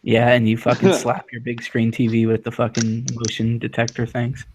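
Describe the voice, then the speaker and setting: A man chiming into an online voice lobby with short, dry wisecracks. Clear clicking noises sound behind his voice. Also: medium pitch, little pitch movement, normal speed. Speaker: gamer in voice chat. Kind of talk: casual chat. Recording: chat mic with clicking noise.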